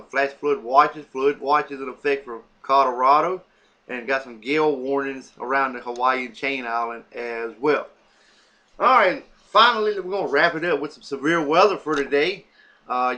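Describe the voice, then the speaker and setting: A man giving an unscripted weather briefing, halting with many fillers and self-corrections. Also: medium pitch, pushed and bright. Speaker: weather forecaster.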